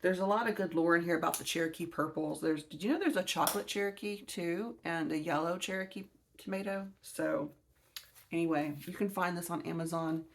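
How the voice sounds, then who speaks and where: Chatty Southern woman with a gravelly voice. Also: on the low side, a little fast, slight background noise. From Alabama, US. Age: 40s. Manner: chatty, rambling, self-correcting. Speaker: gardening channel host. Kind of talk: casual video chat showing books.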